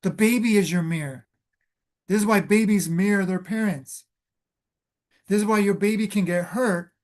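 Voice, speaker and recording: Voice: medium pitch, moderate pace. Emphatic spiritual coach talking. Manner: emphatic, repeats phrases for stress; loose, filler-heavy delivery. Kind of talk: motivational talk.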